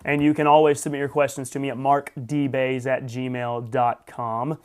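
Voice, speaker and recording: A man's voice: mid-range voice, flat delivery, moderate pace, a little mellow, clear, resonant tone. A man hosting a live morning stream, chatting casually, greeting viewers by name and adding wry asides. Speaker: host.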